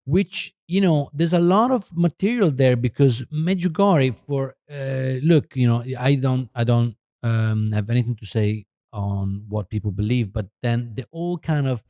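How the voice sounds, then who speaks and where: A middle-aged Italian man, co-founder of a magazine, chats casually as a podcast guest, rambling and hesitant with many restarts. His mid-range voice is dark-toned and measured, with hardly any pauses. The studio-quality recording has no room sound.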